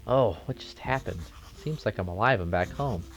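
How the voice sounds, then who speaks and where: A terse, deadpan graveyard keeper, read by a man in his own voice. He asks short, plain questions with little emotion in a game scene. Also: fairly low pitch, normal speed.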